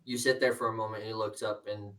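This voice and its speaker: A man narrating a tabletop game as game master in a calm, matter-of-fact way. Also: fairly low pitch, fast talker, distant mic, low-quality recording.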